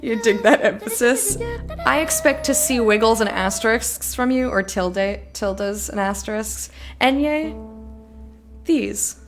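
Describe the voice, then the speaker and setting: A young woman with a somewhat high voice, reading game emails aloud in a chatty, giggly way as she streams. She breaks off often for quick asides about the game. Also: over music. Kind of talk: let's play commentary, reading game text aloud.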